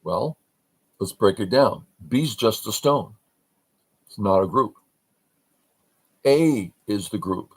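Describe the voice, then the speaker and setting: A man's voice: on the low side, expressive, slow pace, long pauses, slightly rough, low-quality recording. An older man teaching a game review on a livestream, talking in short broken phrases and asking and answering his own questions.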